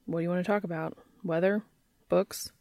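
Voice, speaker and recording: A troubled, guarded man pushes through a halting, raw confession, as a woman reading the story voices him. His voice is low and gravelly, and the sound is dry and close. It stays near the reader's own voice. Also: fairly even intonation, a little mellow, no room sound. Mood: confessional.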